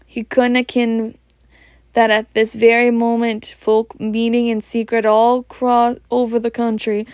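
A woman with a Scottish accent reading a storybook aloud in Scots, slowly and evenly, with some slips and restarts. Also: fairly high pitch, dry recording. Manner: slow, even, with slips and restarts. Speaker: reader.

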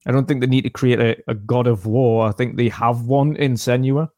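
A man co-hosting a gaming podcast, weighing his opinions in a measured, casual way. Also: mid-range voice, steady tone, darkish tone, dry recording, clean studio sound.

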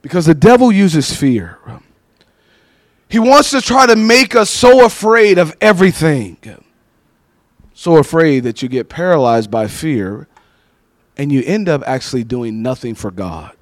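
A man with a slightly high voice preaches a sermon at an unhurried pace, telling stories and animatedly acting out the voices of the people in them. There's no echo on the recording.

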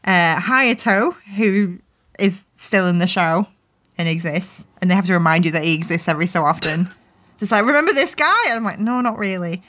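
A woman with a fairly low, fairly bright voice co-hosts a podcast at a normal pace, recapping episodes of a show in casual conversation. She giggles a lot, swears freely, and acts out the characters' lines.

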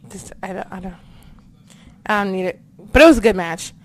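A woman's voice: mid-range voice, a little fast. A young woman co-hosting a casual wrestling chat, ranting animatedly and swearing often. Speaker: wrestling podcast co-host.

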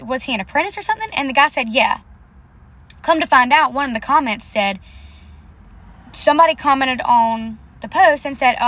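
A young woman with a voice a little higher than most, telling a casual storytime vlog. She talks bluntly and with indignation, swears freely, and acts out the back-and-forth between herself and others. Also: fairly bright tone. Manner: blunt, profane, indignant storytelling with quoted dialogue.

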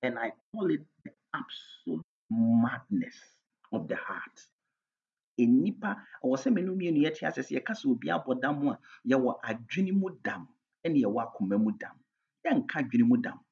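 A man's voice: mid-range voice, sing-song, moderate pace, gravelly, darkish tone, breathy edge. A man with a Ghanaian accent preaching a sermon as pastor, emphatic, switching between English and Twi with his volume rising and falling. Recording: dull lo-fi recording.

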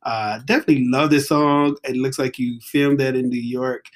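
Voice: mid-range voice, steady tone, normal speed. A host running a casual music interview, encouraging and loose in the way they talk. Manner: upbeat, encouraging, loose and conversational.

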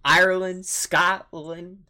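A man's voice: high-pitched, level tone, takes it slowly, bright, forceful tone. A young man hosting a casual podcast chat, rambling and laughing often. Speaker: podcast host.

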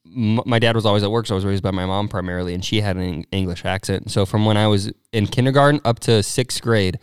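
A young man from Arizona chatting casually, laughing a lot between impressions. His voice is smooth and clear, recorded close and dry. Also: fairly low pitch, quick pace, no echo. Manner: laughs often, puts on playful accent impressions. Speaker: guest chatting about accents. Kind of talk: casual chat.

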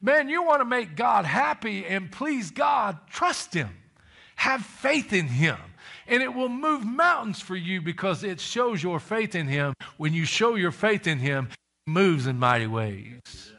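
Bright-voiced male preacher, emphatic. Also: high-pitched, sing-song, a little slow, gravelly. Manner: emphatic, calls for amens, reads scripture aloud. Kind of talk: sermon.

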